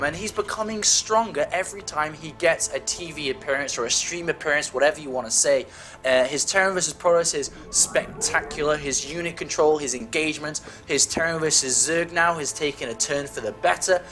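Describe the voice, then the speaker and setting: A man's voice: fairly high pitch, a bit bright. A man casting a video game match, playful and chatty, poking fun at himself. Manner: playful, self-mocking, chatty. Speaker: esports caster. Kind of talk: casual game commentary.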